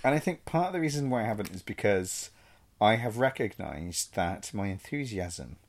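A man's voice: lowish voice, big pitch swings, moderate pace. A man co-hosting a film podcast in casual chat, earnest and self-deprecating, sometimes mock-pleading. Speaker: podcast co-host.

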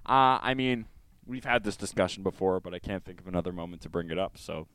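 A man's voice: sits low, fast. A man co-hosting a podcast in casual chat, joking and swearing as he tells a story. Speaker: podcast co-host.

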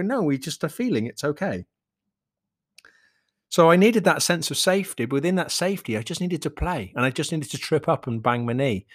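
A man talking alone on his own podcast, reflective and rambling, swearing casually and often laughing. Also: fairly high pitch. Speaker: podcast host and coach. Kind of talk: solo podcast monologue.

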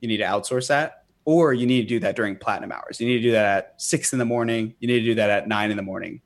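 A man's voice: on the low side, fast talker. A man who runs a business, a guest on a podcast, explaining his methods earnestly with frequent fillers and restarts. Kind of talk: podcast interview.

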